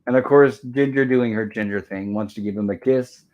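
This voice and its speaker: A man's voice: medium pitch, moderate pace, highs cut off. A man hosting a casual review show from home, retelling a TV episode in a loose, rambling way, often chuckling and repeating "and of course.". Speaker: host recapping a TV episode.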